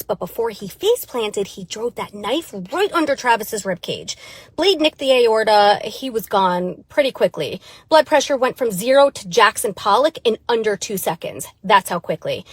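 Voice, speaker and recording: A woman's voice: sits high, breathy edge, dry recording. A woman delivering a scripted comedic monologue as a crime scene cleaner, sardonic and darkly funny with chatty asides. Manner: sardonic, dark humor, conversational asides.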